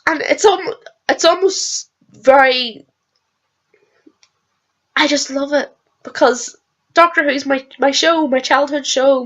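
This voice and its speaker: A hoarse woman rambling excitedly in a casual reaction vlog, swearing freely and going off on tangents. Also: high voice, dull audio. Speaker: video creator reacting to a TV episode.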